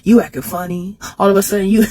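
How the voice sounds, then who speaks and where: A woman talking casually to camera, animated, laughing between phrases and jumping high in pitch when she makes a point. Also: quick pace, no room sound. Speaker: vlogger.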